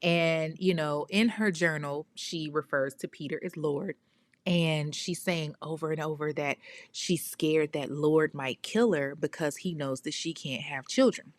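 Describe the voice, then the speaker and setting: A woman recounts a true crime case in casual, blunt, profane talk, breaking in with emphatic asides. Her voice sits fairly low, and the recording is dry and close. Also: measured pace, no room sound.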